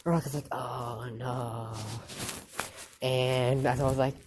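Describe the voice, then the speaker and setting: A woman telling an improvised fan story in a halting, loose way, with quick quoted lines. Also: very deep voice, level tone, noisy background.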